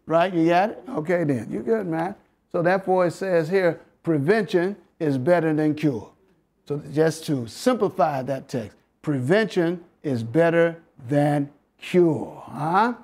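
A man's voice: a little high, unhurried, a little mellow. A man with a Southern American accent giving an interactive Bible health lesson, preaching and coaxing the audience with questions and chuckles. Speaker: health lecturer.

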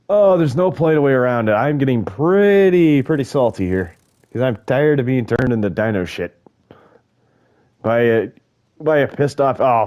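A man giving live gameplay commentary, muttering and swearing to himself, with loud frustrated outbursts. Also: mid-range voice, lively intonation, normal speed. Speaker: gaming video host.

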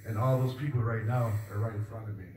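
Guy doing rambling deadpan stand-up, echoey room, mic sounds kinda far off. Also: lowish voice, slight background noise. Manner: rambling, deadpan delivery with filler pauses. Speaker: stand-up comedian. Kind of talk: stand-up comedy set. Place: club stage with audience. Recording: roomy, distant mic with faint ambience.

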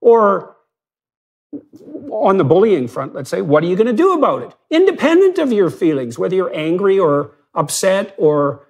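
A middle-aged man, a psychologist, discussing in an emphatic, lecture-like way, posing questions with sudden rises in pitch. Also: slightly rough. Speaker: psychologist in conversation.

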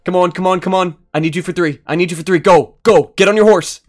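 A man giving excited live commentary on his own video game match, swinging from low muttering to loud yelling and swearing often. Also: fast talker, music in the background. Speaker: gaming YouTuber.

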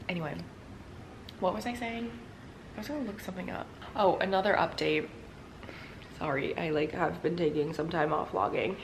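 A young woman chats to camera in a loose, rambling way, leaning on "like" again and again. Her voice sits a little low. The recording has a roomy echo and a faint hiss underneath. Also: normal speed, pauses often. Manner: chatty and rambling, heavy use of "like". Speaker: lifestyle vlogger. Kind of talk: casual chat to camera.

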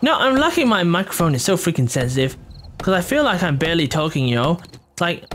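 A playful gameplay commentator talking in a hushed voice at home at night, humming silly sound effects while working. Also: mid-range voice, big pitch swings, a little fast, slight background noise. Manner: hushed, keeping quiet for a sleeping household.

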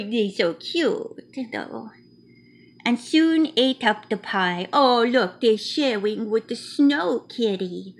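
A woman's voice: a little high, fairly bright tone, full character voice. A woman doing a cute little mouse. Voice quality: childlike, playful, broken grammar. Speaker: storybook reader. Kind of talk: reading a picture book aloud.

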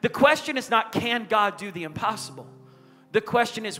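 A man's voice: high-pitched, animated, moderate pace, sharp tone, faint music behind. A middle-aged male pastor preaching a sermon in a church, with emphatic call-and-response and prayer. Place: church sanctuary on a stage. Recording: reverberant church hall.

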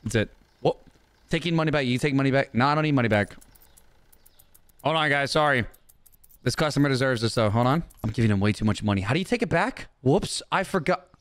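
Loud, swinging young man gaming. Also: medium pitch, expressive, fast, long pauses. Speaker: gaming YouTuber. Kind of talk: comedic gameplay commentary.

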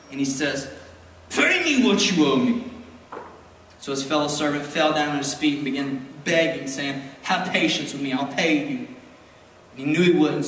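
High-voiced pastor preaching in an echoey hall. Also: male voice, a bit bright, recorded from a distance, slight background noise. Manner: emphatic, rising to fervent exhortation. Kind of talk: sermon. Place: church sanctuary.

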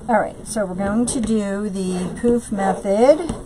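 Over some background noise, a mid-range female voice leads a home craft livestream, pausing between steps to chat and welcome viewers by name. Her talk is full of fillers, and she stretches her greetings out slowly.

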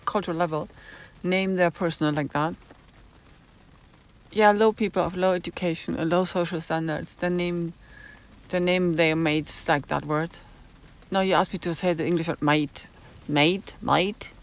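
Frau, plaudernd und grübelnd im Livestream. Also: female voice, fairly low pitch, steady tone, normal speed. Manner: rambling and musing, searching for words. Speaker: live-stream host. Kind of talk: casual live-stream monologue answering chat.

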